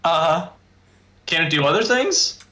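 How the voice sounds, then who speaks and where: A man playing a tabletop game, excitable and laughing, swearing freely. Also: on the high side, measured pace. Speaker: player.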